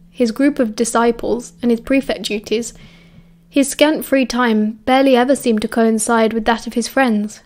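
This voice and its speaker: With a slightly elevated pitch, a British woman reads an audiobook, narrating the tale with a consistent, measured rhythm.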